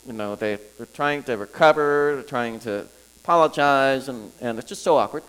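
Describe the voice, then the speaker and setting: A man preaching to a congregation, talking in a halting way with many restarts and frequent chuckles. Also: mid-range voice, a bit bright, clean tone, poor audio. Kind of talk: sermon teaching. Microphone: recorded for viewers at home.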